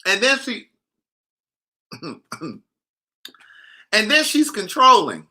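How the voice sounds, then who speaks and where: A man's voice: high voice, wildly swooping pitch, drawn-out words, bright, forceful tone. A man hosting a casual, sassy gossip chat and reading out viewer comments as he talks. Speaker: author hosting a live chat.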